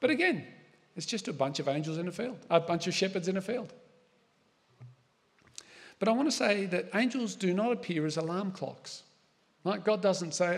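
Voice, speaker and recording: A middle-aged man preaching a sermon in a relaxed, chatty way, with asides and questions to his listeners. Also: sits high, normal speed. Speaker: pastor. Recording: long hall reverb.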